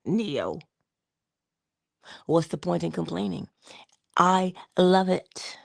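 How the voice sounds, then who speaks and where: A middle-aged woman hosting a casual motivational talk, telling personal stories with laughter and hushed asides. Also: on the low side, takes it slowly, gravelly, dry recording, studio quality. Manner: animated storytelling, laughs often, drops into hushed asides. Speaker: channel host.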